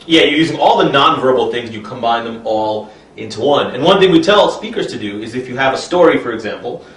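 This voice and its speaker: A man walks through an improv game he teaches, talking in an animated, expressive way. His voice sits in a middle range. The mic is some way off, so the sound is roomy and distant. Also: medium pitch, brisk. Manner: animated, speaks in expressive gibberish while performing. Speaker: improv trainer. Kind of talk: explaining an improv exercise.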